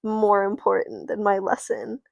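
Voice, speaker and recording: A woman's voice: medium pitch, flat delivery, a little slow, creaky, no room sound. A woman voicing a strict female teacher addressing her class in a firm, announcing manner.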